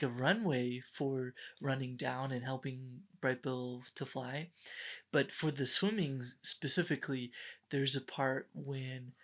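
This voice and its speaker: A man on a casual podcast, talking slowly with a bright, forward tone. He keeps up an easygoing chat and keeps agreeing with his co-host. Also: mid-range voice. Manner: agreeable, lots of quick affirmations and laughs.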